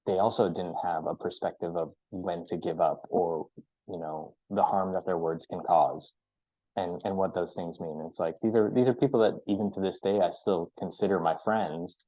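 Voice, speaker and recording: A young man in an interview, reflecting on his school years in a halting, filler-heavy way. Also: deep voice, dark tone, dry recording. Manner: halting, many fillers and restarts. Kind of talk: reflective casual talk. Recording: dull dry lo-fi audio.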